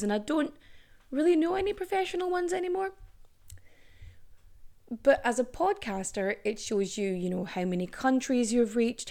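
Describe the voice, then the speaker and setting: A young woman hosting a history podcast in casual, animated chat, swearing freely. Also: mid-range voice. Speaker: podcast host.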